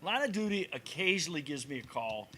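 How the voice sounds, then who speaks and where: Animated bright-voiced man telling stories. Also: a little high, fairly quick, breathy edge. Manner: animated storyteller who acts out conversations. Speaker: podcast co-host. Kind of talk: casual banter and storytelling. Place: cigar lounge.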